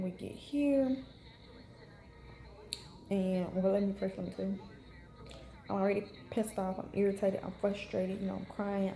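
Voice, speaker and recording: A young woman in a hospital room, unwell and in pain, talks frankly to camera with a steady, even pitch and a soft, mellow tone. The sound carries a roomy echo with faint ambience behind her. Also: creaky, slight background noise. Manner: frank, chatty, many fillers. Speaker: vlogger. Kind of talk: casual storytelling to camera.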